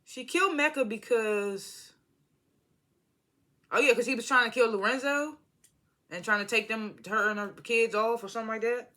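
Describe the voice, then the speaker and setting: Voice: medium pitch, moderate pace, long pauses, pushed and bright. A vlogger recapping a TV episode in a casual, slangy, profane way, rambling and apologizing often. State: irritated by background noise.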